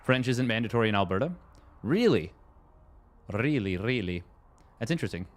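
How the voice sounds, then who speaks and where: Canadian man, mid-pitched, easygoing game caster who chats with viewers. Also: fast. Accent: Canadian English. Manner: relaxed, chatty, answers viewers aloud. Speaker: tournament caster. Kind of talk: casual live commentary and chat reading.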